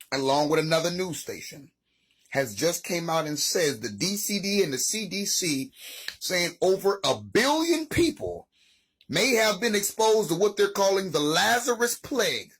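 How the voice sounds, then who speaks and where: A man's voice: high voice, a bit bright, husky. A man giving casual, dramatic and joking commentary on a news report, using slang.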